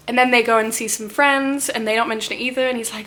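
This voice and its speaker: A woman's voice: fairly high pitch, steady tone, fast talker, hardly any pauses, fairly bright tone, a little hiss or hum. A young woman talking casually about books she plans to read, rambling with lots of "um" and "like". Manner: rambling, many "um" and "like" fillers. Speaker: book vlogger.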